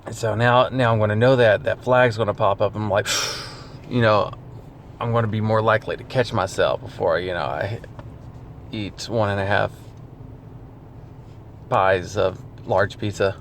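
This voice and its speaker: Man, casual vlogger, rambling and self-mocking, gravelly low voice, noisy background. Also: fairly even intonation, a little slow, pauses often. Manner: rambling, self-deprecating, laughs often. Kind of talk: casual vlog monologue.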